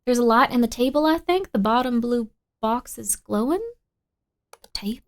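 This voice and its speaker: Woman streamer, fairly high voice, playful casual chat, hushed whispers, excited outbursts. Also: moderate pace. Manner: chatty and playful, drifts into hushed whispers while searching; bursts into excited high-pitched shouts.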